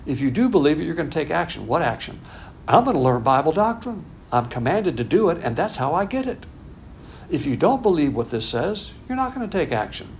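A man's voice: fairly high pitch, sing-song, brisk, gravelly, slight background noise. An older man preaching a conversational sermon, folksy and emphatic, repeating his points. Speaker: pastor.

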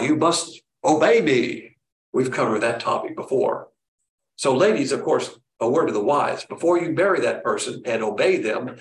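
A man preaching a sermon in a plainspoken way, firing off rhetorical questions and acting out quotes. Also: mid-range voice. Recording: roomy echo, distant mic.

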